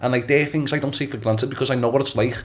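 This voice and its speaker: Young lad chatting on a podcast, mid pitched, acts out every quote. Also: male voice, quick pace. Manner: animated storytelling, acts out quotes, swears, repeats "you know what I mean". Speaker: guest boxer. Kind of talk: casual podcast chat.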